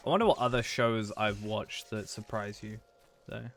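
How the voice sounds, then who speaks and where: A man's voice: on the low side, normal speed, fairly bright tone, faint music behind. A young man live-streaming a video game, chatting casually with viewers in a chatty, self-mocking way and breaking into frustrated rants. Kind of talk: casual live-stream chat while gaming.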